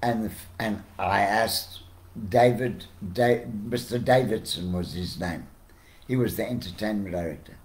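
An older man with a South African accent, telling anecdotes as a podcast guest with lively, chuckling delivery. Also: lowish voice, measured pace. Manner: animated, chuckling storyteller who acts out quotes. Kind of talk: casual storytelling.

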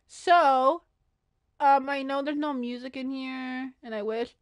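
Excitable high-voiced woman streaming a game. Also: slow, smooth. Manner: excitable, gasping, talks to herself while playing. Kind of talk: casual gaming livestream chatter.

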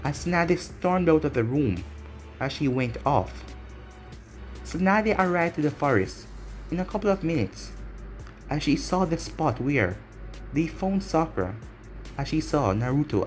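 A man's voice: fairly high pitch, expressive, measured pace, pauses often, soft background music. A man narrating a fan fiction audio story in a plain storytelling way.

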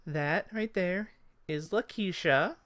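Man doing a high-voiced flirty elf woman, teasing, coy sing-song questions, bright, dry close sound. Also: takes it slowly, dry recording. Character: flirty female elf hostess, sly and teasing.

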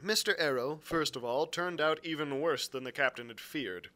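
A man reading a classic adventure novel aloud, expressive, with occasional slips he corrects. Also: on the high side, moderate pace. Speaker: library reader.

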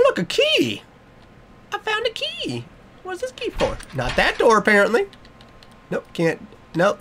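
A man's voice: fairly high pitch, fairly bright tone, a little hiss or hum. A young man, giving a jokey, nervous running commentary as he plays a horror game. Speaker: gaming YouTuber.

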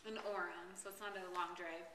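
A woman chatting as a guest, describing her day in a relaxed, easily laughing way. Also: lowish voice, a little fast. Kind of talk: casual chat. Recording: echoey room with faint noise.

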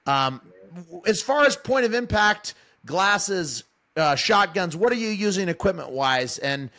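A man's voice: high-pitched, sing-song, unhurried, bright, forceful tone. A man hosting a podcast who teases his guests and asks long, rambling questions. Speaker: podcast host. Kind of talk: casual podcast chat.

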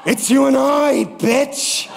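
A man's voice: very high-pitched, steady tone, takes it slowly, gravelly, noisy background, full character voice. A man doing a pompous pedant grammar cop. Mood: scolding. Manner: stern, pedantic, scolding. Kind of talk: live comic puppet show. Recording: reverberant lecture hall.

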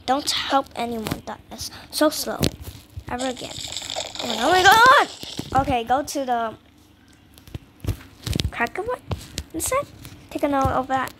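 Playing a video game, a young woman chats casually in an excitable, high voice, drawing her words out slowly. She repeats herself and drops to whispers at times, and background noise is clearly audible.

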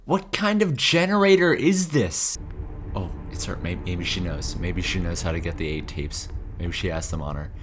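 A man giving sarcastic, jokey let's-play commentary on horror games, reacting loudly to scares. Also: deep voice, very animated, a little slow, slight background noise. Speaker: gaming YouTuber. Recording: game music behind the voice. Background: game music.

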